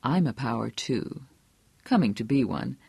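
Man reading a drawling, threatening small-town political bully, low and slow, dry close sound. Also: big pitch swings, gravelly, darkish tone, husky, no room sound, exaggerated voice. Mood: quiet menace. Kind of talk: audiobook character voice.

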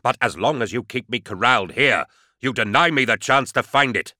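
A man's voice: lowish voice, expressive, moderate pace, pushed and bright, no echo, clean studio sound. A man voicing a stern, loyal male warrior who speaks firmly and insistently in an audiobook. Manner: firm, insistent. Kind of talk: audiobook character voice.

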